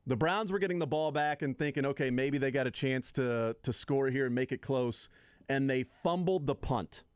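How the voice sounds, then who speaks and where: A man's voice: mid-range voice, normal speed, clean tone, no echo. A man hosting a casual sports talk radio show, rambling with restarts and trailing asides into a studio microphone.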